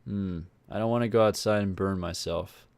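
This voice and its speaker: A man's voice: low-pitched, fairly even intonation, normal speed, gravelly, darkish tone, no room sound. A man reading a visual novel aloud with rambling, self-correcting, wry commentary. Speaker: video game let's player.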